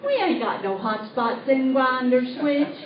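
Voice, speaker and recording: A woman's voice: high-pitched, animated, a little slow. A woman doing a comic impersonation of a chatty rural country gal in a hat with a price tag, with a rural Southern accent, telling folksy, giggly stories in a live stage monologue. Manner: folksy, hollering, giggly storytelling. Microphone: tablet recording from the audience. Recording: echoey, distant, dull live recording with faint hiss.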